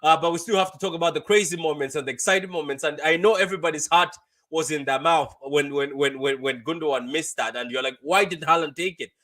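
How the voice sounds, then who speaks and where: Bright-voiced chatty man, fan stream host. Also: fairly high pitch, fast talker. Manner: chatty, repeats phrases, laughs often, reads comments aloud. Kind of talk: casual live-stream football reaction.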